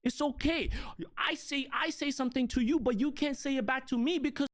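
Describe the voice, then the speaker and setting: A man's voice: very high voice, fairly even intonation, fairly quick, a bit bright. A man, a content creator, ranting bluntly and confrontationally in a clip, swearing heavily.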